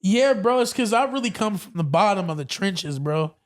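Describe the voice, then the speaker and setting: A man guest on a podcast, telling a story in a casual, animated way and acting out what others said. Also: sits high, moderate pace. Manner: animated, acts out quotes, says bro a lot.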